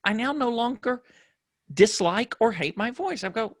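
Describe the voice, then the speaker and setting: A man whose voice sits higher than most men's, telling stories in a reflective, casual conversation as a podcast guest. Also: animated, normal speed, no room sound. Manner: reflective storyteller.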